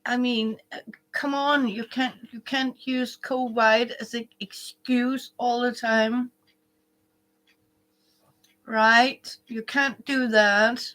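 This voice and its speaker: Woman host, casual craft livestream from home, high and bright voice, unhurried rambling chat. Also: fairly even intonation. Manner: chatty, rambling, with many restarts and soft whispered asides. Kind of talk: casual live chat with viewers. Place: indoors at home, living room.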